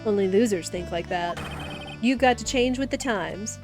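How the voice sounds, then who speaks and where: Cocky male prosecutor, smooth and lowered, voiced by a woman, faint music behind. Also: normal speed, natural voice. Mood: cool.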